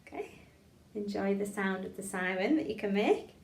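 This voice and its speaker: Encouraging voice coach, woman, speaks phrases slow and crisp for students, echoey room. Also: mid-range voice, animated, slight background noise. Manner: encouraging, models phrases slowly and clearly. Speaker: voice and drama teacher. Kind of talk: online voice warm-up lesson.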